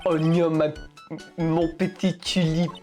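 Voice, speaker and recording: A woman's voice: deep voice, little pitch movement, darkish tone, faint music behind. A woman voicing a flamboyant male restaurant owner with a put-on French accent, theatrical and flirty, reading a video game's lines. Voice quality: theatrical, flirty, drawn-out vowels.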